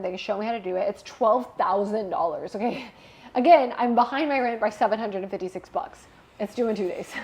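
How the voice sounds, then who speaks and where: In a candid interview, a young woman guest shares a personal story in a mid-range, gravelly voice. She's animated and emotional, laughing at times.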